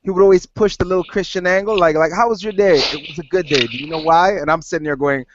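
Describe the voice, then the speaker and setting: A man's voice: a little high, fast, a crowd in the background. A man co-hosting a podcast, telling a profane story in casual chat and acting out the quoted lines. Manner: swearing storyteller who acts out quoted dialogue. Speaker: podcast co-host. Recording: dull lo-fi audio.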